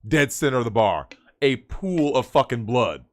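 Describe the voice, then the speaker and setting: A man telling a story in casual chat, animated, swearing and repeating himself. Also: medium pitch, moderate pace. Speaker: guest.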